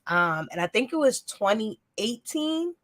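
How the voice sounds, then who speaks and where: Slightly high and a bit bright, her voice swings widely in pitch and moves a little slowly as this sneaker content creator and podcast host tells her story as an interview guest. She's chatty and rambling, heavy on fillers, recorded in clean studio sound without echo.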